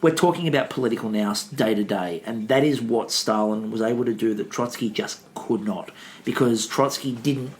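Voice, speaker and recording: A man co-hosting a history podcast, talking casually and acting out quotes in a lively way. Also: normal speed, a little hiss or hum. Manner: animated, acts out quotes with big pitch jumps. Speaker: podcast co-host.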